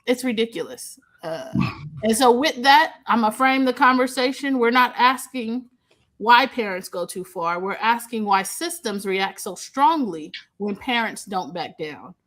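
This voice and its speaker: A woman hosting a casual talk show, a little hoarse from a cold, chatty and quick to laugh, calling in from outside the studio. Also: a little high. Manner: lively, chatty, laughs easily. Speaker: host. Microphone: remote, not in the studio.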